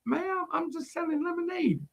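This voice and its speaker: A man's voice: very high voice, moderate pace, vocal fry, voice pushed up. A man doing a timid little girl. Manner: soft, hesitant, polite. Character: polite, timid twelve-year-old girl.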